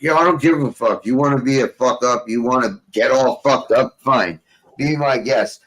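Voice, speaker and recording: A man's voice: medium pitch, gravelly, low-quality recording. A young man hosting a casual talk show, telling a rambling story full of profanity and street slang. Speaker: podcast host.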